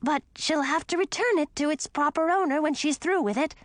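A woman reading aloud, voicing a pile of talking skulls in a high squeaky put-on voice for a storybook. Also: brisk, no room sound, close to an everyday voice. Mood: bargaining.

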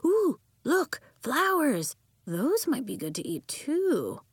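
A woman's voice: high voice, very animated, slow, no echo, clean studio sound, pitched above the performer's own voice, heavily acted. A woman voicing a gluttonous goat-headed kitten girl in a storybook, with a dreamy, savoring delivery. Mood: greedy.

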